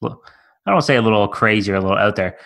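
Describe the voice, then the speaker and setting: A young man co-hosting a podcast, chatting casually in a relaxed, hedging way. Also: lowish voice, rapid-fire, vocal fry. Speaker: podcast co-host. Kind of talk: casual chat.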